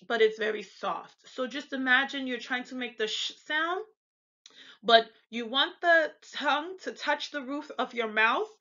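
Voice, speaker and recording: An American woman in a chatty pronunciation lesson, repeating example words slowly for the viewer. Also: fairly high pitch, sharp tone, muffled recording. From United States. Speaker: language tutor.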